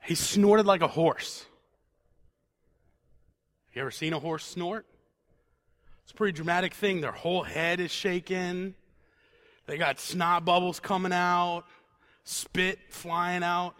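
A man preaching a conversational sermon who repeats words for emphasis and sinks to a quiet, intense tone on solemn points. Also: high-pitched, fairly even intonation, slow, pauses often.

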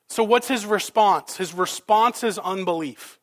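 A male pastor preaching a sermon, dramatic, with rhetorical questions and swings between loud and soft. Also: high voice, a little slow, hardly any pauses.

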